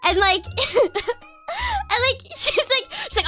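A woman's voice: extremely high pitch, wildly swooping pitch, slow pace, pushed and bright, faint music behind. A woman streamer telling rambling family stories in casual chat, giggling often and restarting sentences.

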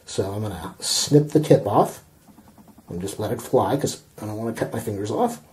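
A man's voice: fairly low pitch, lively intonation, normal speed, mellow, roomy sound. A man casually demonstrating a home repair while filming himself, rambling and amused at his own words. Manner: rambling, self-amused, talking while working with hands. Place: indoor bathroom. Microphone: handheld camcorder mic, self-filming.

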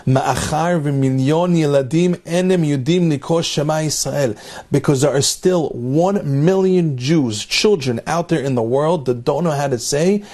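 A man's voice: on the high side, a little mellow. A man giving a Torah class, telling a story emphatically, repeating phrases for effect and mixing Hebrew terms into his English. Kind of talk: storytelling religious lecture.

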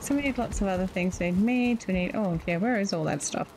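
A woman's voice: medium pitch, quick pace, darkish tone, slight background noise, poor audio. Chatty Australian woman gaming. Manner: chatty, laughs often, organizing the group. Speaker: gamer on a multiplayer stream. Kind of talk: casual gaming chat.

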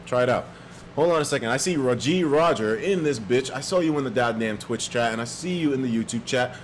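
A man chatting casually on a live stream, profane and animated, reading out viewer donations with sudden loud jumps in pitch. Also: fairly quick, slight background noise. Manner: reads viewer donations aloud.

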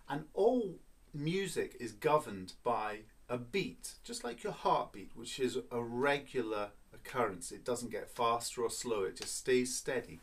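A man's voice: medium pitch, breathy edge. A man teaching a children's violin lesson, patient and playful, counting beats and explaining step by step.

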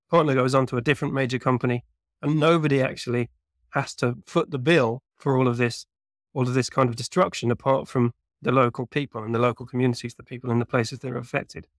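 A man's voice: medium pitch, dry recording, clean studio sound. A man being interviewed as a researcher, explaining at length in a thoughtful, conversational way with lots of small hedges. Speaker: guest researcher.

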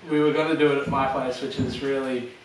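A man's voice: medium pitch, level tone, fast talker. A young man casually introducing a garage job, joking and laid-back. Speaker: vlog presenter. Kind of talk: casual chat. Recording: echoey and distant with noise.

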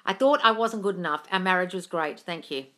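On a casual phone livestream from home, a woman with a low, sharp voice talks a little fast as she reads comments out loud and answers viewers. Her cat is with her, and she swears freely and calls everyone darling.

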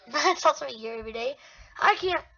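A woman giving excitable, rambling gameplay commentary, talking to herself as she plays. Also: high-pitched, a little fast. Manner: excitable, rambling, talks to self. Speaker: gamer. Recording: dull lo-fi recording.

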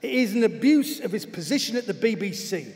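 A man's voice: sits high, expressive, fairly quick, a little mellow. A man voicing a blunt, scathing Cockney football coach as he reads a letter aloud on stage. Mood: scornful. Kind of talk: comic reading of a letter on stage. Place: large theatre hall. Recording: long hall reverb from a stage.

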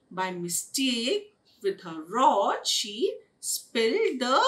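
A woman telling a children's story in an expressive, sing-song way for young listeners in an online session. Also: fairly high pitch, distant mic. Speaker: storyteller at a day care. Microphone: online webinar.

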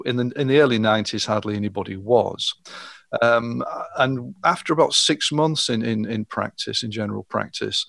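A man's voice: mid-range voice, creaky, fairly bright tone, dry recording, studio quality. A middle-aged man, a hypnotherapist, explaining his work step by step in an interview. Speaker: hypnotherapist guest.

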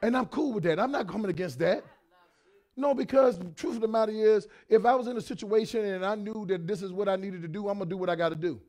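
A pastor in his 50s preaches a sermon in a high, fast voice. He swings from shouted lines to quieter talk and repeats himself a great deal.

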